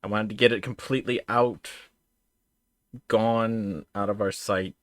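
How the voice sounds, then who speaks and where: A man's voice: fairly low pitch, steady tone, a little slow, fairly bright tone, no echo, studio quality. A man talking casually as a player in a tabletop role-playing game, self-deprecating and prone to laughter and stammering.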